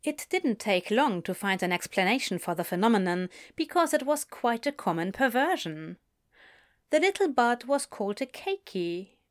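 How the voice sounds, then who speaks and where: A woman reading a story aloud as narrator, expressive and unhurried. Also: on the high side. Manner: slow, expressive storytelling with lively inflection. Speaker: reader.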